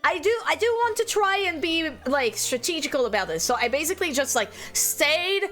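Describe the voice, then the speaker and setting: Lively high-voiced young French woman. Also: a little fast, faint music behind. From France. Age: young adult. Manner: laughs often, swears casually, many restarts. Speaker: streamer. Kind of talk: casual chat with viewers.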